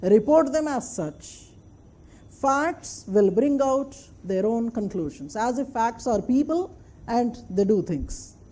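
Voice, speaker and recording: Casting: female lecturer, high mellow voice, emphatic classroom delivery. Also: animated, takes it slowly. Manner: emphatic, repeats points and checks the class follows. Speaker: anthropology lecturer.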